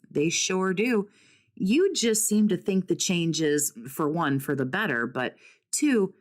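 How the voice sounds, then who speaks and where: A woman with a slightly low voice talks straight at her listener like a no-nonsense recovery coach. She swears freely and stacks up pointed rhetorical questions. She keeps calling her listener "survivor.". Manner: blunt, profane, full of rhetorical questions. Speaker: narcissistic abuse recovery coach. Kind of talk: direct-to-camera talk.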